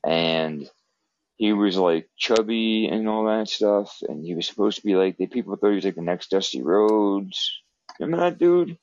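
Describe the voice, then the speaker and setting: A man's voice: fairly low pitch, animated, moderate pace, darkish tone, no room sound, muffled recording. A man with a New Jersey accent, co-hosting a podcast in casual, profane, rambling chat. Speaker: podcast co-host.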